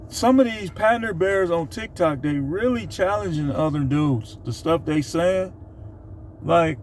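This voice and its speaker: A middle-aged man telling a funny work story in a casual, animated monologue. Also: high voice, a little slow, slight background noise. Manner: animated, laughs while telling. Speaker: vlogger.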